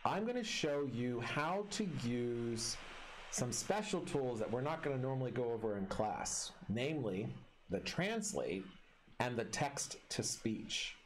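A man's voice: mid-range voice, big pitch swings, a little slow, a little hiss or hum. Guy teacher doing a screen recording for his class, talks you through each step, really bouncy up-and-down voice. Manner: friendly step-by-step explaining.

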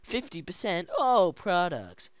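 An excitable, giggly let's play co-host reading signs aloud, with a voice going hoarse. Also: medium pitch, slow pace, dry recording. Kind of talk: casual gameplay commentary.

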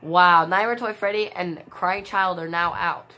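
A woman giving casual play-by-play commentary on a wrestling video game, with excitable exclamations and sudden shrieks. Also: fairly low pitch, unhurried. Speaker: gameplay commentator.

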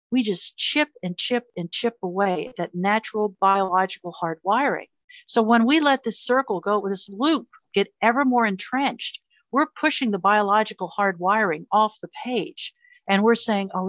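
A woman's voice: medium pitch, moderate pace, a bit bright, dry recording. A middle-aged woman speaks with earnest passion, pressing her points hard. Her mid-range voice comes through dry and a little muffled, as on modest lo-fi interview audio. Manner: earnest, impassioned, emphatic. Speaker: interview guest. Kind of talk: emotional personal interview. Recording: slightly dull lo-fi audio.

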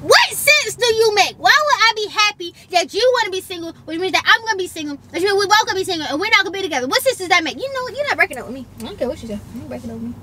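A woman's voice: very high-pitched, very animated, very fast, few pauses, pushed and bright. A young woman, confronting her partner in a heated argument inside a car. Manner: confrontational, repeating demands. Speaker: vlogger in a prank video. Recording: noisy in-car phone recording.

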